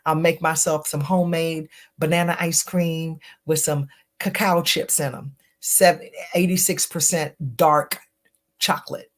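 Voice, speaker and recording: A middle-aged woman hosting a live health chat, talking casually with frequent laughs and sudden high exclamations. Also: level tone, unhurried. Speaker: host answering viewer questions.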